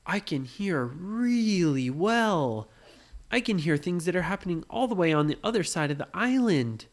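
A woman puts on a young boy from a bedtime story who is easily worked up and easily thrilled. The voice stays low overall and is only lightly lifted from her own. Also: animated, moderate pace, close to an everyday voice. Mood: excited. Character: excitable young boy, hot-tempered then delighted.

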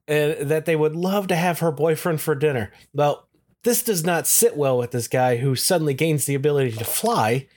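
A man's voice: a little high, moderate pace, darkish tone. A man co-hosting a podcast, casually recounting the plot of a TV episode step by step. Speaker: podcast co-host. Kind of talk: casual chat recapping an episode.

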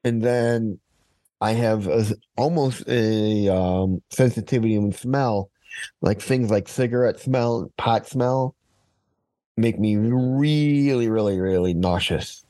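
A man's voice: fairly low pitch, takes it slowly, mellow, dry recording. A man hosting a podcast, telling a personal story step by step in casual conversation. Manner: storytelling, narrates events step by step. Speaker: podcast host.

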